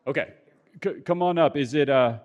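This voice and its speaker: A man's voice: on the high side, normal speed, dull audio. A man presiding over a city council meeting, talking in a plain, conversational way with some hesitations.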